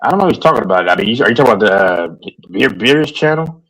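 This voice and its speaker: Low-voiced man in rambling stream chat. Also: animated, racing, fairly bright tone, low-quality recording. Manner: rambling, joking, reads and answers chat. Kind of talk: casual live stream chat.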